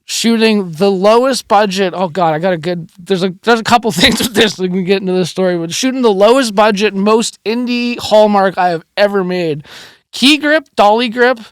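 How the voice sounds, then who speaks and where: Man, very high voice, animated storytelling, swears a lot, dry close sound. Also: normal speed, clear, resonant tone, dry recording. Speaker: podcast guest, film producer. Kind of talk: casual storytelling chat.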